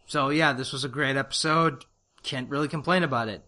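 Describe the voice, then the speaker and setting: A man co-hosting a casual review chat, animated and often laughing. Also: mid-range voice, a little fast. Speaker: podcast co-host.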